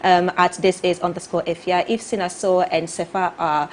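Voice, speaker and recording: A woman's voice: on the low side, flat delivery, normal speed, a little hiss or hum. A woman co-hosting a morning show, chatty and effusive with praise for her guest. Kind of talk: lively morning show chat.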